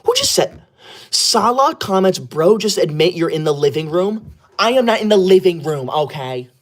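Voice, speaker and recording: A man playing a prickly young male livestreamer, forever offended and scolding his chat in a hushed, held-back voice. His pitch bounces all over, rising and dipping with every indignant turn. It plays as a comedy skit of a live stream. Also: very animated, normal speed. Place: indoor room upstairs, away from home.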